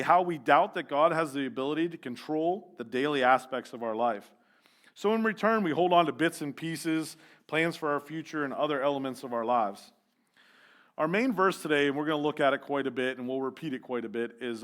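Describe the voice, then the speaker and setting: A man's voice: on the high side, fairly bright tone. Man, youth leader, church sermon, casual, joking, filler-heavy.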